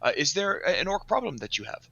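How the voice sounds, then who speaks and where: Tabletop player, very bright tense voice, theatrical and courtly, dull dry recording. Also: male voice, fairly high pitch, big pitch swings, fast talker, creaky, no echo. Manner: courtly, theatrical in-character talk. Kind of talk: playing a character in a tabletop game.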